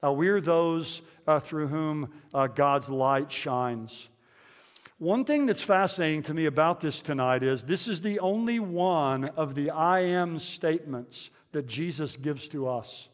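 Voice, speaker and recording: A man's voice: fairly high pitch, expressive, a little slow. Man preaching a sermon in a reverberant church. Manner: conversational preaching with frequent fillers and restarts. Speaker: pastor.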